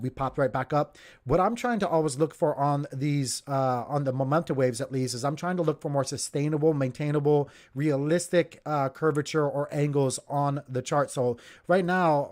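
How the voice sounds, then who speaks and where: A man hosting a casual livestream, talking viewers through charts in a chatty, joking way and speaking straight to them. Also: fairly high pitch. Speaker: crypto livestream host. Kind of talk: casual live chart commentary.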